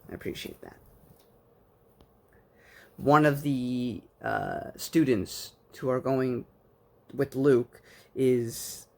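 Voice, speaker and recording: Guy w a gravelly voice doing a loose chatty book review, excited fan, lots of ums. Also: mid-range voice. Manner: rambling, enthusiastic fan with many fillers. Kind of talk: casual spoken book review.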